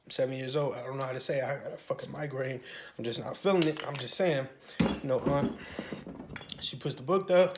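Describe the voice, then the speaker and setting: A man telling a profane, animated story from his childhood to camera, with sudden loud outbursts. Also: medium pitch, brisk, very noisy. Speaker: channel host. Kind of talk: storytime monologue.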